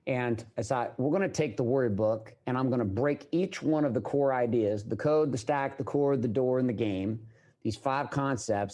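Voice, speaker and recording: Male podcast guest, mid-pitched, blunt and energetic, swears a lot, frequent restarts. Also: rough recording. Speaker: podcast guest, business coach. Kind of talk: casual interview conversation.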